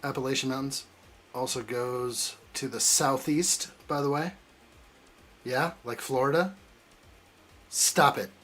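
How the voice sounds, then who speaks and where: A man's voice: mid-range voice, steady tone, takes it slowly, long pauses, fairly bright tone, faint music behind. Man bantering with his live chat. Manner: joking, teasing banter while reading chat aloud. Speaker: live stream host building a model kit. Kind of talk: casual live-stream chat.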